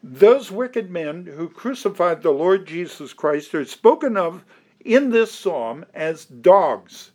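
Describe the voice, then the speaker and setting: A man with a somewhat high voice delivers an expository sermon at a slow, careful pace. He leans hard on certain words and sometimes starts a phrase over.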